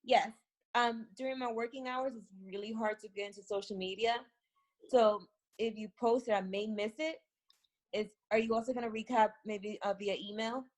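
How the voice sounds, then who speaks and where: A woman's voice: on the high side, steady tone, normal speed. A woman taking part in a group video call, asking a practical question politely. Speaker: course participant.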